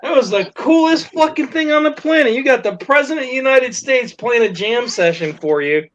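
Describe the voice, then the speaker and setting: A man's voice: extremely high pitch, animated, a little fast, fairly bright tone. A man telling a story casually to friends, laughing, swearing and acting out the quotes. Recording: dull lo-fi recording with faint noise.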